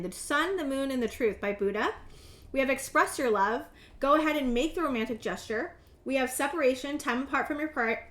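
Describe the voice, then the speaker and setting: High-voiced earnest woman reading tarot. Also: a bit bright. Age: 30s. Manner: earnest and halting, repeats words. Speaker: tarot reader. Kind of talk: casual tarot reading to camera. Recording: roomy echo.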